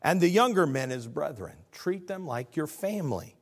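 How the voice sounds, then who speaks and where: A male preacher delivering a sermon in an earnest, animated way, often questioning his listeners. His voice sits a little high for a man, with a lively, swinging pitch. It carries a gravelly, husky texture. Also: normal speed.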